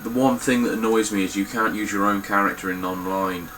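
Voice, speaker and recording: A man's voice: fairly low pitch, steady tone, brisk, fairly bright tone, slight background noise, poor audio. A young man talking casually through his game collection, blunt and swearing freely. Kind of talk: casual spoken collection walkthrough.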